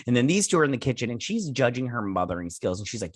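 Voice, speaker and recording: A man's voice: medium pitch, sing-song, quick pace, breathy edge, dry recording. Rambling male show recapper, dry sound. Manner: rambling retelling with quoted lines and many fillers. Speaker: host. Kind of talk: casual episode recap and review.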